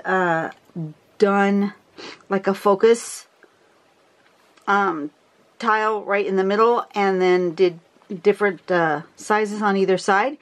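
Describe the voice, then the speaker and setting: A woman explaining a drawing pattern in a casual, rambling tutorial, with frequent fillers. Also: mid-range voice. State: out of breath. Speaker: drawing teacher.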